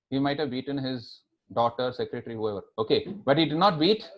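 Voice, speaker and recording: Man giving a lively lecture. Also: quick pace. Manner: switches between English and Hindi, demonstrates emphasis with big pitch jumps. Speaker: public speaking trainer. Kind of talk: lecture to a live audience.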